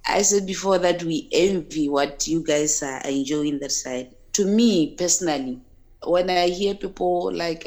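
A woman from Africa speaks as a podcast guest, in a fairly low voice. She talks earnestly, often restarting and repeating words as she works through her thoughts. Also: a little mellow. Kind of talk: casual interview chat.

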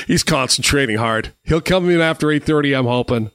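A man's voice: mid-range voice, fairly quick, fairly bright tone, clear, resonant tone, dry recording. Chatty middle-aged man, dry close sound. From Canada. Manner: chatty, rambling anecdotes with frequent restarts and fillers. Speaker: host. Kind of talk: casual storytelling on a live stream.

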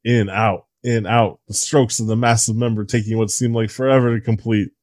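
A man reading a story aloud in a deadpan, mock-serious comic style. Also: on the low side, a little fast, no room sound.

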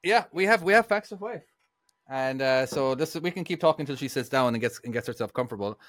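A man co-hosting a podcast, easygoing and a bit halting as he talks. His pitch moves around a lot, and the sound is dry and close. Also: dry recording. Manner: relaxed, hesitant with fillers and restarts, joking. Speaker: podcast co-host. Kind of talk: casual chat.

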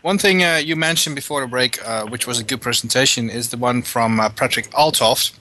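A man's voice: medium pitch, a little fast, pushed and bright. A man hosting a web radio talk show, chatting casually with many hesitant filler sounds. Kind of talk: casual interview chat.

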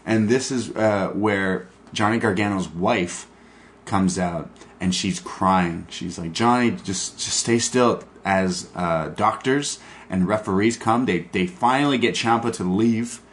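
A man hosting a podcast, excitedly recapping a wrestling show in casual chat, swearing and laughing. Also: fairly low pitch, a little slow. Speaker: podcast host.

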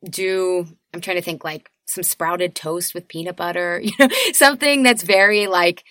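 A woman guest on a podcast, talking casually and animatedly, laughing often and jumping up in pitch. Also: moderate pace, a bit bright, dry recording, clean studio sound. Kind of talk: casual chat.

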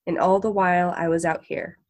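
A woman voicing a weary male tramp, a gentleman come down, speaking grimly and bitterly. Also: on the low side, level tone, brisk, natural voice. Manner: grim, muttering to himself.

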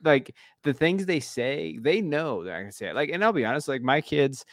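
A man's voice: mid-range voice, sing-song, brisk, dry recording, studio quality. A man in his thirties, a tired podcast co-host, chatting casually and rambling with lots of fillers and offhand swearing.

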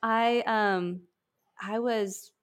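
A woman's voice: medium pitch, steady tone, very slow, clean tone. A woman in her thirties hosting a podcast, talking casually with lots of restarts, fillers and laughter. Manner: chatty, laughs often, many restarts and fillers. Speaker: podcast host.

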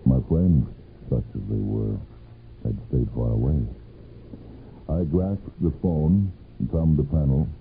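A man narrating a first-person story for radio, with a measured, brooding delivery and long pauses. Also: very deep voice, creaky, slight background noise. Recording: lo-fi narrow-band 1970s radio recording with faint music.

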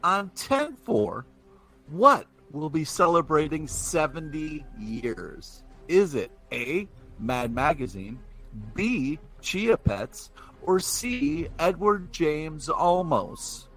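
Playful bright-voiced man reading trivia. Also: fairly high pitch, very animated, slow, faint music behind. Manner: quizzing, playful, jokey asides. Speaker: podcast host. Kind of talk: comics trivia segment, casual banter.

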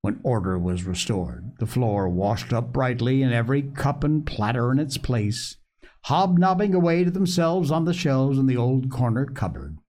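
A man hosting a show who reads an old children's book aloud in a lively, expressive storytelling manner. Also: mid-range voice, normal speed. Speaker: podcast host reading a book aloud. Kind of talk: reading a children's classic aloud.

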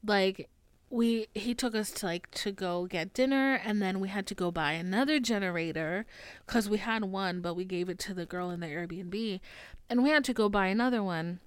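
A woman's voice: medium pitch, moderate pace, clean tone, no room sound. A young woman from the United States hosting a podcast, talking in a casual, rambling, profanity-heavy confessional monologue and laughing to cope. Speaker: podcast host.

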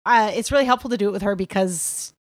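A woman's voice: medium pitch, fast, no room sound, clean studio sound. Chatty self-deprecating comedian woman. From New England. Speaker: guest comedian. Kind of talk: casual chat.

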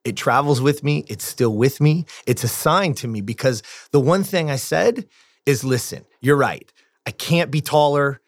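A man's voice: medium pitch, moderate pace, no echo, studio quality. A man guest on a podcast, telling a personal story in a casual, earnest way with frequent restarts.

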